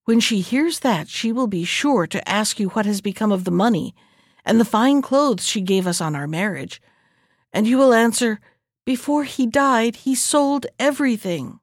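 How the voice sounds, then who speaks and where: A sly, scheming jester from a storybook, full of cheerful plans, as a woman reader puts him on. The voice sits fairly high and lively, and the recording is dry and close. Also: moderate pace, no room sound. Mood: pleased. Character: cunning poor male jester, scheming and cheerful. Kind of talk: storybook reading.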